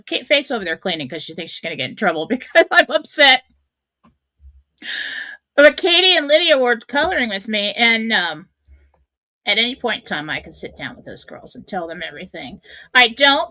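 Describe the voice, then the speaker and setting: Middle-aged woman telling a story on her radio show, candid and self-mocking, bright voice, kinda high, dry sound. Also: no room sound. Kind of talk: personal storytelling monologue.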